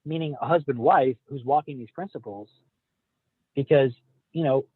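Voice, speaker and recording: A podcast co-host in his thirties phones into a casual group chat while out driving, rambling and swearing offhandedly. His mid-range voice is slightly rough and moderately paced, with no room sound over a tinny phone line.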